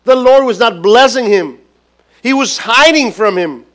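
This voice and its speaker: A man preaching a sermon as a pastor, emphatic and repetitive, swinging between loud stresses and hushed lines. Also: very high-pitched, animated, measured pace. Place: church gathering.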